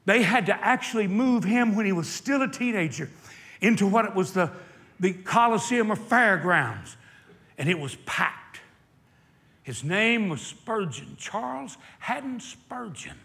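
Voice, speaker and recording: High-voiced impassioned male preacher. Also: expressive, creaky, sharp tone. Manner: impassioned storytelling, slowing for emphasis. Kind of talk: sermon. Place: hot indoor meeting hall.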